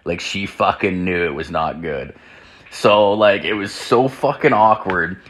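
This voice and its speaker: A young podcast host rambles through a crude story at home while drinking whiskey, packing it with "like" and profanity. His voice is deep, a bit bright, and a little slow, and the room he's in has its door open.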